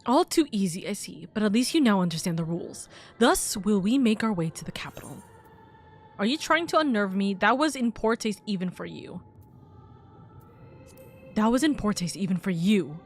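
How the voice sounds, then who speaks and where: A woman's voice: medium pitch, expressive, normal speed, faint music behind, close to an everyday voice. A woman reading a grandiose, mocking male game villain's lines aloud in a formal, theatrical way.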